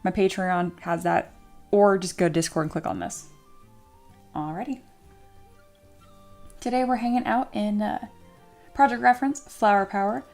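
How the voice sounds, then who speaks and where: A woman's voice: medium pitch, steady tone, normal speed, pauses often, darkish tone, soft background music. Chatty woman hosting a livestream. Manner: chatty, reads viewer comments aloud and answers them; upbeat and encouraging toward viewers. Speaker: livestream host and 3D sculptor. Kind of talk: casual livestream chat.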